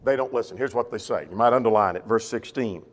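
A man teaching a verse-by-verse Bible class, reading scripture slowly and with emphasis, then explaining it in a conversational way. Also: on the low side, long reverb tail. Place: church.

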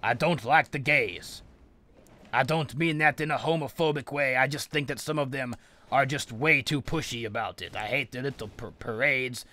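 A man's voice: mid-range voice, moderate pace, bright, forceful tone. A man narrating his own gameplay in a grumpy, swearing persona of an evil sorcerer, ranting at his helpers. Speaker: gameplay commentator. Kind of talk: in-character let's play commentary.

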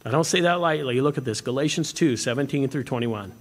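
A man preaching a sermon as pastor, animated and swinging between emphatic points and hushed moments. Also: medium pitch, brisk. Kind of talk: expository sermon. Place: church sanctuary. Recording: long hall reverb.

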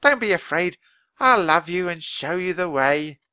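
A man's voice: sits high, expressive, unhurried, pushed and bright, clear, resonant tone, dry recording, pitched above the performer's own voice, full character voice. A man voicing a sly, scheming young girl villain who bosses her partner and coaxes a creature. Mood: coaxing. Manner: coaxing, bossy.

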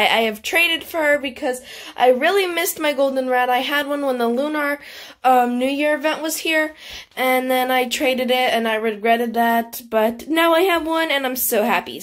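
A woman hosting a gaming channel, chatting casually over gameplay in a bubbly, giggly way with frequent exclamations. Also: sits high.

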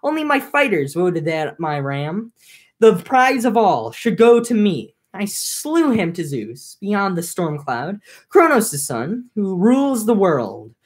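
A woman's voice: mid-range voice, very animated, slow pace, husky. A young woman reading an ancient epic aloud, breaking off for casual, filler-heavy commentary. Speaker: reader.

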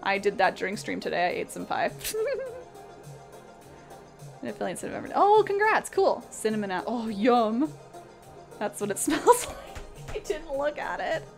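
A woman's voice: fairly high pitch, big pitch swings, unhurried, creaky, pauses often, soft background music. Chatty young woman streaming while painting. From Canada. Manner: chatty, reads chat aloud and laughs often. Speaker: art streamer. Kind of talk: casual live-stream chat while painting.

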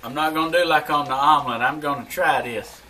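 A man's voice: on the high side, a little fast, pushed and bright, slight background noise, low-quality recording. A man with a Southern US accent, chatting folksy to the camera in a cooking vlog. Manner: folksy, drawling, talks to camera. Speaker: cooking vlogger. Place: outdoors.

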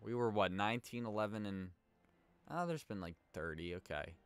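A man with a lowish, smooth, clear voice talks through a hockey video game in a loose, chatty way. He rambles between plays and reacts to the action as it happens. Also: lively intonation, moderate pace. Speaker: let's play host. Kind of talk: casual gameplay commentary.

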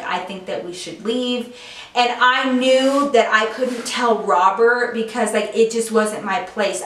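A woman's voice: medium pitch, a bit bright. Chatty woman telling a story, echoey room. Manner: chatty, addresses viewers, many "like" fillers. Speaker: YouTube storyteller. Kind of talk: casual storytime monologue. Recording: echoey room, mic at a distance.

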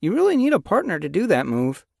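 A man voicing a cool, brisk young male apprentice cat in a storybook reading, giving instructions in a clipped way. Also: high-pitched, wildly swooping pitch, vocal fry, darkish tone, breathy edge, no echo, clean studio sound, pitched above the performer's own voice, heavily acted.

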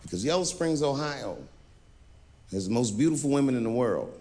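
Animated male stand-up comedian. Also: medium pitch, normal speed. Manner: animated storytelling, acts out voices. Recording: stand-up special in a large hall with audience.

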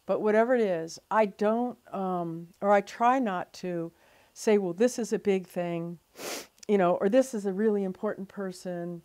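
A middle-aged woman, a photographer telling her story in an interview, animated and full of fillers and restarts. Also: mid-range voice, normal speed. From Louisiana.

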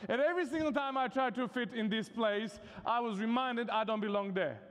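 A man's voice: very high voice, brisk, a bit bright. A man from Serbia with a Serbian accent, preaching a sermon in a conversational, humorous way with many casual fillers. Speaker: guest preacher. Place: chapel hall at a university vespers service. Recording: long reverb of a large hall.

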